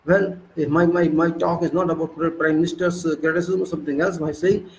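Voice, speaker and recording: A man's voice: on the high side, flat delivery, fairly quick, slight background noise, poor audio. A man with an Indian English accent delivering an indignant political monologue, lecturing and often restarting his words. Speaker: political commentator. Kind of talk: monologue commentary.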